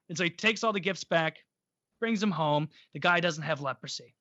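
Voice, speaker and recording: Irreverent, bright-voiced man telling a story. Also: on the high side, moderate pace, no room sound. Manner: irreverent, profane, joking. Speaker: podcast host. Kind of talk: casual storytelling. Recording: dull dry recording.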